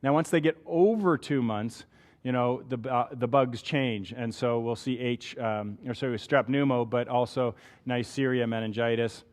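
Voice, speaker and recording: A man's voice: mid-range voice, moderate pace. A man with a Canadian accent giving a conversational medical lecture, often checking in with "right?". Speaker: physician lecturer. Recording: long hall reverb.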